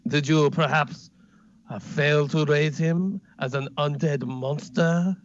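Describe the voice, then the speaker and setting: A man's voice: fairly high pitch, steady tone, takes it slowly, dull audio. A man voicing Alberto, a haughty, suspicious male lizardfolk noble who sneers at the party. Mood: sneering.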